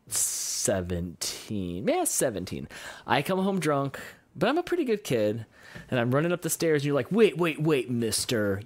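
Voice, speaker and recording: A man's voice: medium pitch, no room sound. A man co-hosting a podcast, joking and teasing in casual banter. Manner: joking, teasing, puts on silly voices. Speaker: podcast co-host.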